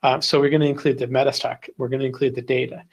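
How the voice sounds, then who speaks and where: A man's voice: medium pitch, flat delivery, quick pace, creaky, slightly rough, dull audio. Chatty man presenting a trading webinar. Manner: casual, chatty, with many fillers and restarts. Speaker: software presenter. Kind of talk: live webinar product demo.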